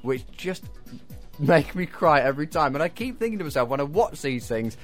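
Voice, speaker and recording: A chatty, self-mocking man hosting a breakfast radio show. His voice sits a little high for a man, and he laughs easily between quiz questions. Soft music plays underneath in the studio. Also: very animated, fairly quick. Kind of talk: casual chat with quiz. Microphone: studio microphone.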